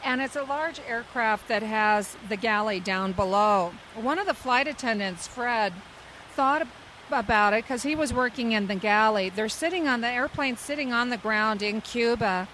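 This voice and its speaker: A woman in her fifties with a high voice recounts her years as a flight attendant. She tells the story with lively, theatrical flair. A faint hiss sits under the recording. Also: normal speed, rough recording. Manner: lively, dramatic storyteller who acts out quotes. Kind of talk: telling an anecdote in an interview.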